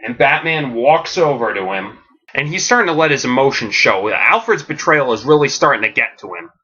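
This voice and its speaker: A man rambles through a comedic story pitch, piling on fillers with deadpan enthusiasm. His voice is bright and edgy, at a middle pitch, and the podcast audio sounds dull and lo-fi. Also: a little fast.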